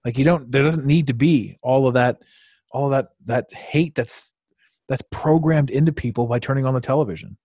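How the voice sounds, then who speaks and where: A man's voice: mid-range voice, brisk, a little mellow, slightly rough, no echo. A male podcast host with an ordinary mid-range voice, recorded close and dry. He talks loosely and at length, swearing, laughing and restarting his sentences as he goes. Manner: rambling and profane, with lots of restarts and laughter. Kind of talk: casual conversational interview.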